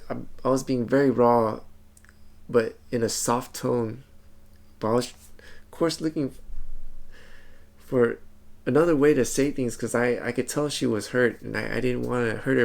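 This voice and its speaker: Man, personal vlog, gravelly tone, soft calm delivery, repeats himself while thinking. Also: mid-range voice. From Hmong community background. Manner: soft, calm, reflective telling with many repeated words. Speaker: vlogger.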